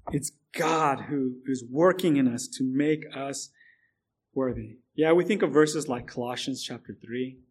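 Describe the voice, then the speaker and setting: A man's voice: mid-range voice, a little mellow, slightly rough. A man preaching a sermon in an earnest way, often restarting and repeating words, then building up through long lists.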